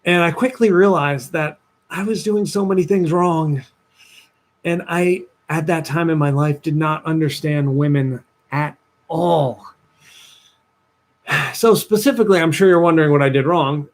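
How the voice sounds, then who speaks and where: A young man, a dating coach talking to viewers on a livestream, telling a personal story with lively voiced-out asides. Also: a little slow. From New Jersey, USA. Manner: animated storytelling, acts out his past self in a higher voice.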